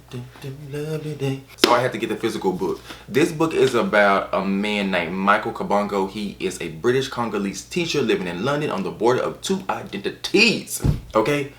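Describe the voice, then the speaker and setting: Sassy American man, low voice. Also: roomy sound. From United States. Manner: sassy, animated, repeats phrases for emphasis. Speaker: book reviewer. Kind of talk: casual book review chat.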